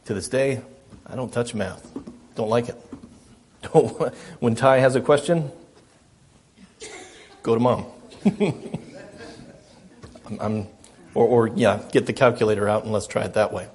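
A man's voice: mid-range voice, normal speed, long pauses, darkish tone. A middle-aged man preaching a sermon as a pastor, earnest and self-deprecating, often repeating his phrases.

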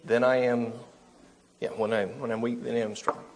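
A man's voice: mid-range voice, flat delivery, normal speed, a little hiss or hum. A man preaching a sermon, reading scripture aloud and explaining it, correcting himself now and then.

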